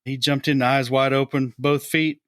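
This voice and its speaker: A man's voice: medium pitch, level tone, normal speed, fairly bright tone, dry recording, clean studio sound. A man co-hosting a podcast in casual chat, joking and teasing. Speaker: podcast co-host.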